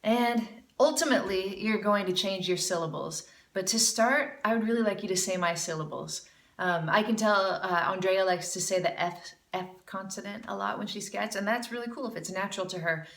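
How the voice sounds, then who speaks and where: Bright-voiced woman jazz vocal teacher. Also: mid-range voice, moderate pace, echoey room, distant mic. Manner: encouraging, demonstrates with sung scat syllables. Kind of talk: music lesson critique with scat singing demos.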